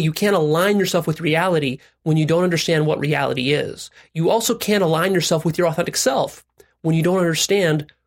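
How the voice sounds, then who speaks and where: Blunt man coaching self-help affirmations. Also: a little high. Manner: blunt, coaching, leads repeat-after-me affirmations. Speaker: self-help video host. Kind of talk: direct-to-camera self-help talk.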